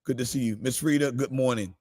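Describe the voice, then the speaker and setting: A man preaching a morning devotional livestream, shifting between calm scripture reading and excited exclamations. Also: mid-range voice, fast talker. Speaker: pastor.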